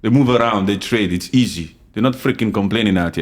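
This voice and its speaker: A man from Congo hosting an unscripted opinion podcast, talking forcefully and confrontationally, swinging between loud outbursts and quiet asides. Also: lowish voice, a little fast. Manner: reads and answers live comments. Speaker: podcast host.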